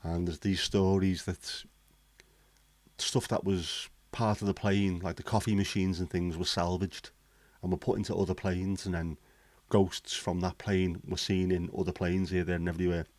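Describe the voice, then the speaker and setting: Deep, blunt man. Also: little pitch movement, normal speed, a little mellow, dry recording. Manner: blunt, sweary, cynical banter. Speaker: livestream host. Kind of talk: casual chat.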